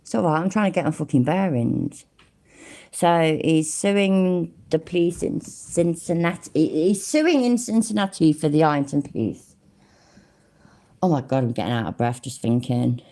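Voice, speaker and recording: A woman's voice: low voice, moderate pace, warm tone. A woman hosting a reaction commentary, blunt, sweary and mocking. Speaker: commentary channel host.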